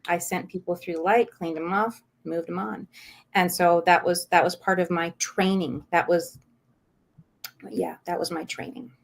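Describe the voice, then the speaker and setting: Animated woman telling a spiritual story. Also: lowish voice, a little slow, creaky. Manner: animated, acts out quoted voices, laughs often; self-described saucy. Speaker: guest. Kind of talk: storytelling in a podcast interview.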